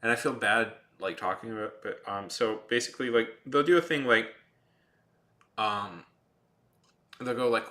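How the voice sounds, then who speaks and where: A man's voice: lowish voice, normal speed, pauses often, pushed and bright. A man streaming while he draws, chatting casually to viewers in a rambling, filler-heavy, dryly sarcastic way. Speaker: artist livestreaming while drawing. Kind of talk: casual livestream chat to viewers.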